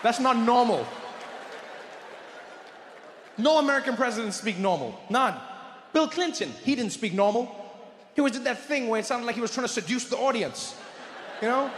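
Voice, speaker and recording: A middle-aged man doing an animated stand-up comedy routine, often slipping into voices and impressions. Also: extremely high pitch, a little fast. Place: large comedy venue. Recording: echoey venue with long reverb and faint noise.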